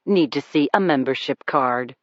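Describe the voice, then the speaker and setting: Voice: mid-range voice, normal speed, fairly bright tone, no room sound, pitched below the performer's own voice, close to an everyday voice. A reader voicing a surly male bartender. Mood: dismissive. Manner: curt, dismissive. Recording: dull dry recording.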